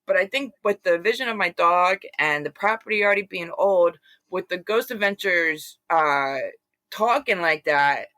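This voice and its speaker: A woman recounts her story as an interview guest, talking in a loose, rambling way with plenty of fillers and acted-out quotes. Her voice is bright and forceful. The sound is dry and close, with no room echo. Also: lowish voice, moderate pace. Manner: rambling, animated retelling with many fillers. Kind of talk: casual storytelling.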